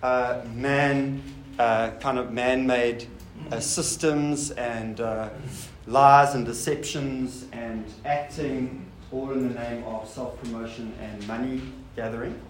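A man's voice: mid-range voice, fairly even intonation, slow pace, few pauses. Man preaching in a roomy hall. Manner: rhetorical questions, informal asides to the congregation. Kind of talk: sermon. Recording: roomy hall sound with faint noise.

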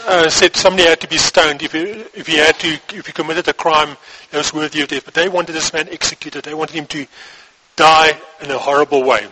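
A man's voice: a little high, steady tone, brisk, pushed and bright, poor audio. A man reading scripture aloud and breaking off to explain it, with occasional restarts. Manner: reads, then breaks off to explain.

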